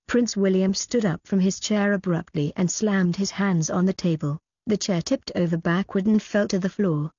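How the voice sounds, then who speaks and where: A woman reading a novel aloud as an audiobook narrator, in an even, measured way, on dull lo-fi audio. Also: fairly low pitch, breathy edge, dry recording. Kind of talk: scripted story narration.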